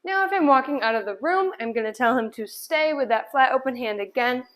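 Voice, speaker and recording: A woman's voice: high voice, expressive, fairly quick, a bit bright. A woman dog trainer explaining a puppy's sit and down stays while giving him firm commands indoors. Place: indoor room at home.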